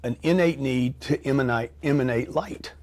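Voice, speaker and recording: A man's voice: mid-range voice, normal speed, darkish tone. A man speaking as an interview guest, brash and blunt, swearing freely. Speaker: guest, entrepreneur. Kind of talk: casual interview chat.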